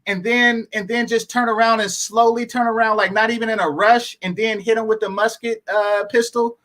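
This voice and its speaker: A man running a reaction stream, laughing and mocking what he watches with sarcastic glee. His voice sits high and has a bright, sharp edge. He talks in a loose, chatty way. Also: fairly even intonation, moderate pace. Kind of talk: mocking live commentary.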